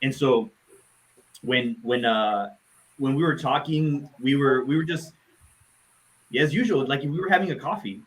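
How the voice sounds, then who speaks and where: Halting, heartfelt man remembering a friend. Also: medium pitch, rough recording. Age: adult, parent of a nine-year-old. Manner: heartfelt, halting with many restarts and fillers. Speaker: tribute speaker. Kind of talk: live session remembrance.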